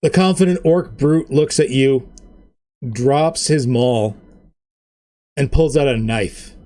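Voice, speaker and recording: A man's voice: medium pitch, warm tone. A man running a tabletop game as game master, narrating with rambling asides. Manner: rambling, quick asides with fillers.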